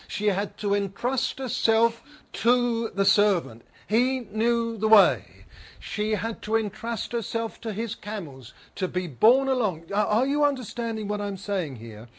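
A man preaching a sermon. He is earnest, repeats phrases for emphasis and asks his listeners questions. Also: high voice.

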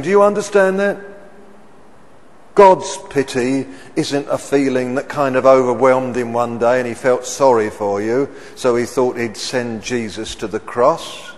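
A man preaching a sermon. He keeps asking the congregation questions and swells loud on the words he stresses. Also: medium pitch, steady tone, measured pace. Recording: reverberant church hall.

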